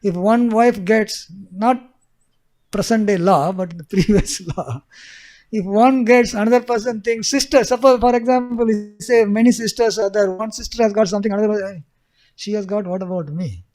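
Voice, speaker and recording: A man's voice: sits high, steady tone, moderate pace, a little mellow. A man teaching a scripture story in a class, chuckling often and repeating key phrases. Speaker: spiritual teacher.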